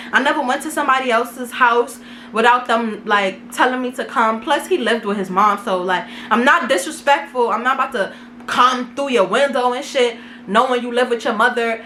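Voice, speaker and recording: A woman's voice: on the high side, fairly quick, pushed and bright, slight background noise. A young woman from Brooklyn, telling a casual storytime in a slangy, self-mocking way. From Brooklyn, New York. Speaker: vlogger. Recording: echoey room.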